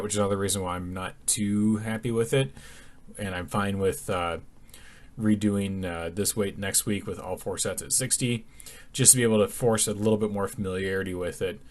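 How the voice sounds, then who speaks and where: Sleepy young guy talking over his gym footage, lots of ums, kinda low voice. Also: steady tone, moderate pace. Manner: rambling, many ums and restarts. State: sleepy, yawning. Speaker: fitness vlogger. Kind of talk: casual voice-over commentary on a workout.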